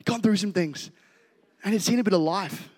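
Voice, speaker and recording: A man preaching a sermon as a pastor, conversational and energetic, rising into shouts when fired up. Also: high voice, moderate pace. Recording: reverberant hall.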